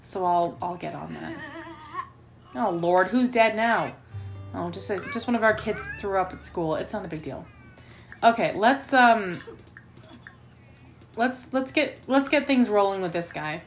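A woman's voice: mid-range voice, measured pace, pauses often, faint music behind. A woman hosting a let's play, giving chatty gameplay commentary and getting easily flustered and melodramatic.

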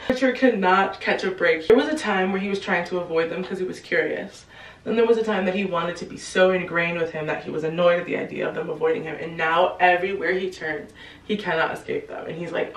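A woman giving a casual, slangy recap of a novel, acting out the characters' lines in quick bursts. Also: medium pitch, far from the mic. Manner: chatty, slangy, acts out quotes in quick bursts. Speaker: book explainer. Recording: roomy echo, a bit off-mic.

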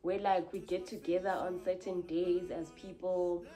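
A woman's voice: lowish voice, level tone, a little slow, dark tone, faint music behind. Heartfelt rambling young woman. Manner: rambling, heartfelt, lots of fillers and restarts. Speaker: vlogger. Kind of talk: candid confessional vlog.

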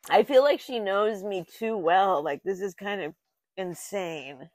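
A woman's voice: medium pitch, measured pace, darkish tone, no room sound, soft background music. A woman hosting an unboxing vlog, thinking aloud and easily moved as she goes through the items. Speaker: channel host. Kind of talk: unboxing vlog, talking to herself.

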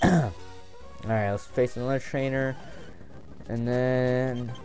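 A young man giving casual, excitable commentary while playing a game, swearing and joking to himself. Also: mid-range voice, takes it slowly, faint music behind. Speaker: gameplay commentator.

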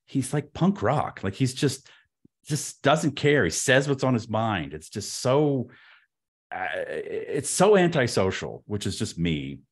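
Man, 50s, podcast guest, animated storytelling, stammering restarts, expressive pitch swings. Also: takes it slowly, breathy edge.

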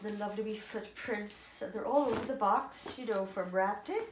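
A woman chatting casually to viewers as she unboxes a doll parcel, gushing and excitable. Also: medium pitch, moderate pace, roomy sound, background noise. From Ireland. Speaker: doll collector vlogger.

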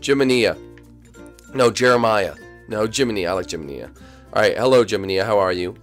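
Excitable young guy doing minecraft roleplay, voice jumps up and down a lot, faint music behind. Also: fairly low pitch, brisk. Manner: excitable, swings from loud shouts to mumbling. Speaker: YouTube host and role-player. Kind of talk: Minecraft role-play commentary.

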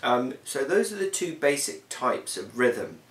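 A man explaining a lesson in a measured way, often pausing with um. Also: medium pitch, sing-song, fairly bright tone. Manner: measured, with frequent ums. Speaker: teacher. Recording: roomy, from a distance, faint hiss.

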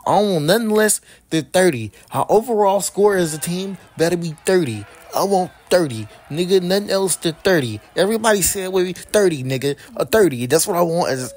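Young man, gaming commentary, lively swooping voice, a bit high, trash-talking and excitable. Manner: trash-talking, excitable, swearing, repeats himself. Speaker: gaming streamer. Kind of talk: casual gameplay commentary.

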